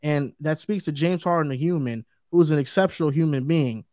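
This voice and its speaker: A man's voice: a little high, fairly quick, a little mellow, dry recording, clean studio sound. A man co-hosting a sports debate show, talking emphatically and repeating his points for stress. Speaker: co-host.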